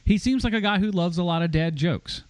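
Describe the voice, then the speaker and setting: A man's voice: sits high, brisk, clean tone, no room sound. A man co-hosting a movie podcast, telling stories in a chatty way and laughing at his own jokes. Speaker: podcast co-host. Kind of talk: casual movie review chat.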